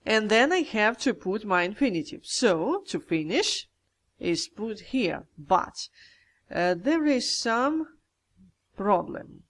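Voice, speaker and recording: A teacher walks through a grammar exercise at an unhurried, deliberate pace. Each step is thought through aloud, with small self-corrections along the way. The voice sits in a middle pitch. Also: big pitch swings, a bit bright. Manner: methodical, talks through each step aloud, addresses viewers as guys.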